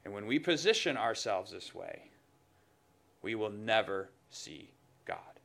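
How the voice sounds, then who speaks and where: A man preaching a sermon in a conversational, emphatic way, dropping suddenly to soft, low asides. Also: sing-song, unhurried, vocal fry.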